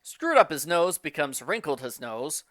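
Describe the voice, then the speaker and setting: A man briskly reading out a matter-of-fact list of changes made to a book. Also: a little high, sing-song, a bit bright, no echo, studio quality. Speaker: book reviewer listing edits.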